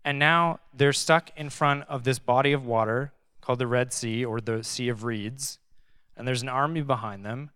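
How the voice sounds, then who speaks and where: A young man giving a casual, conversational sermon, reading scripture and adding animated, sarcastic asides. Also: mid-range voice, a little slow, clean tone, no room sound, studio quality. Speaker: pastor.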